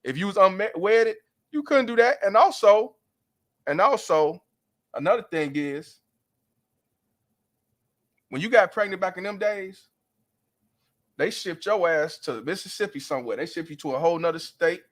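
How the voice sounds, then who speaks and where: A man's voice: sits high, lively intonation, normal speed, long pauses. A man hosting a livestream, ranting bluntly and profanely in heated commentary. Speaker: livestream host.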